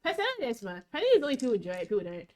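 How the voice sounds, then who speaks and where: Young woman streamer, high bouncy voice, rambly and giggly, says like a lot, slips into loud whispers. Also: wildly swooping pitch, very fast, noisy background. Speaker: vtuber streamer. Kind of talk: casual livestream chat.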